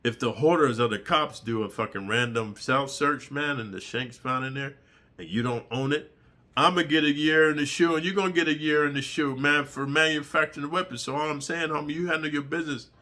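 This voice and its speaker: A middle-aged man tells a prison story in a bright, forceful voice that sits a little high. He talks in animated, profane street slang. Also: brisk. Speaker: channel host telling prison stories. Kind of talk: storytelling monologue.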